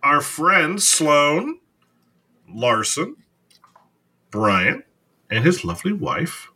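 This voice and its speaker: Podcast co-host, man, teasing and rambling, husky and bright. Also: a little high, big pitch swings, extremely slow. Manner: laughs often, rambling and teasing. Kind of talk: casual chat.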